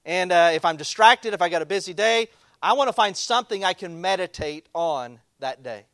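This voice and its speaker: An older man preaches in a church with a high-pitched voice. He tells homey stories in a folksy way, rising loud and dropping soft. The sound is dry and close. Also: animated, a little fast, no echo. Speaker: pastor. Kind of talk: sermon.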